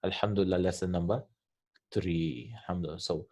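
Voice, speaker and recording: A man's voice: low-pitched, steady tone, brisk, mellow. A man teaching an Arabic grammar lesson from a textbook, explaining each point and often checking with "right?".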